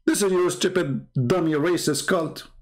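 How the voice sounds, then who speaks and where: A man's voice: high-pitched, normal speed. A man talking on a live stream as an online religious debater, combative and mocking, repeating himself and laughing at his own jokes.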